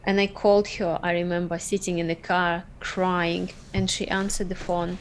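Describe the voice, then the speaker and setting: A woman's voice: lowish voice, level tone, moderate pace, slight background noise. Earnest woman telling her story. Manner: earnest, emotional, dropping small words. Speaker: podcast guest. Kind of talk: personal storytelling.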